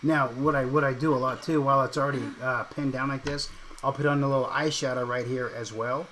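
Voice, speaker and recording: Brief: middle-aged male streamer, earnest, chatty, demo mode, mid-pitched voice. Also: fairly even intonation, brisk, a bit bright, slight background noise. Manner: earnest and chatty, showing makeup steps as he talks. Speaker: livestream host. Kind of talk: casual livestream chat.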